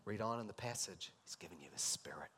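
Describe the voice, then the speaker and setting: Emphatic male preacher, loud to soft. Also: fairly low pitch, expressive, quick pace, a little hiss or hum. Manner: acts out dialogue, swings between loud emphatic and soft intimate. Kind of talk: sermon.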